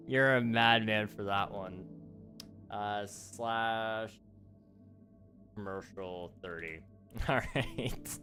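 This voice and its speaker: A man's voice: mid-range voice, bright, forceful tone. A young man hosting a live gaming stream, chatting casually, laughing often and answering his chat aloud. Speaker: livestream host.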